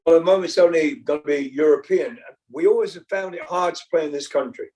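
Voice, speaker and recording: A man's voice: fairly high pitch, fast talker, darkish tone, far from the mic, poor audio. An older British-born rock singer, a man, chatting casually as an interview guest, rambling with many fillers and restarts. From Britain.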